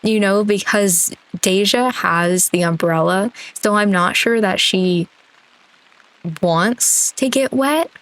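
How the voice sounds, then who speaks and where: A woman's voice: medium pitch, slow pace, low-quality recording. A woman streamer reading a story game aloud, with playful, chatty asides between the narration.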